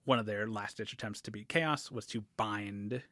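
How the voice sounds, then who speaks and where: A man's voice: lowish voice, normal speed, pushed and bright, dry recording, studio quality. A man hosting a casual podcast, recapping fantasy game lore in a rambling way with fillers and frequent laughs. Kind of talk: casual chat.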